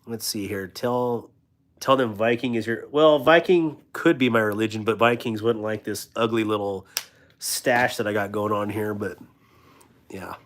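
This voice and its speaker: A man's voice: lowish voice, a little slow. A man in his thirties hosting a casual live stream, reading viewer comments aloud and riffing on them in a loose, rambling, joking way. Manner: reads viewer comments aloud and riffs on them with frequent laughter. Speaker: livestream host of a knife channel.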